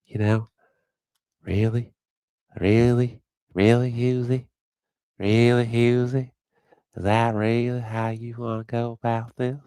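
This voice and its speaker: A man's voice: mid-range voice, darkish tone, smooth, no echo, studio quality, lightly acted. A man doing a comic impression of a menacing tough guy, swaggering and hurling profane threats on a livestream.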